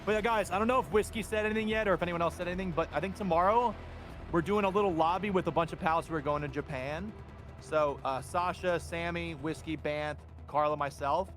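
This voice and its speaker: A man's voice: fairly high pitch, fairly quick, soft background music. A man chatting casually and with lots of jokes alongside a streamer while they game together. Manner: animated, jokey. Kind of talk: casual chat while gaming.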